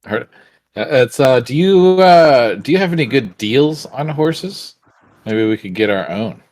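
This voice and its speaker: A man's voice: mid-range voice, animated, measured pace, no room sound. A man playing a tabletop game, chatting casually and joking around. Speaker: player.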